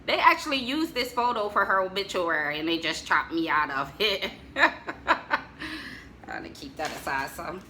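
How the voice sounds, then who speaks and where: A middle-aged woman from the United States talks in a loose, chatty way, throwing in jokes and asides to her viewers. Her voice sits a little low but sounds bright and forceful. A faint room noise hums underneath. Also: animated, moderate pace, rough recording. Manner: chatty, joking asides to viewers, laughs often. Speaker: vlogger showing family photos. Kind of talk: casual chat to viewers.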